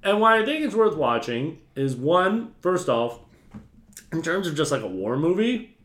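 A man co-hosting a casual film podcast, rambling excitably with lots of "like" and "right" and frequent laughter. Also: on the high side, a little slow. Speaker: podcast co-host. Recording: roomy echoey room.

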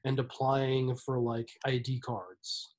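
A mid-pitched man co-hosts a casual movie-review chat. He needles his partner with dry, skeptical questions and stays unconvinced. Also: little pitch movement, slow, darkish tone. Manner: dry, teasing, pushes back. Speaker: podcast co-host.

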